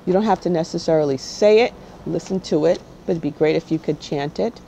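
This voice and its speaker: Deep and warm with vocal fry, this woman speaks briskly as the spiritual guide on her own channel, addressing viewers bluntly and often asking "okay?" in a casual talk to camera. The recording is rough, with a little hiss or hum.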